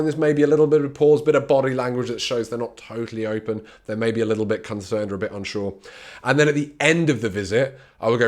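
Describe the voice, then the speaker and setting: A man's voice: medium pitch, fairly even intonation, quick pace. A chatty, extroverted man giving an informal talk on handling patients, candid and personal, acting out patient replies as he goes. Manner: conversational, acts out patient replies in quoted voices. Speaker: clinical communication trainer. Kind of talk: informal teaching talk to camera.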